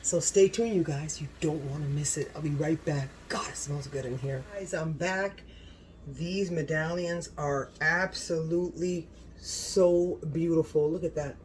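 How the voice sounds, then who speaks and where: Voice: medium pitch, measured pace, slight background noise. A home cooking channel host talking to the camera in a casual vlog, gushing and exclaiming often about the food.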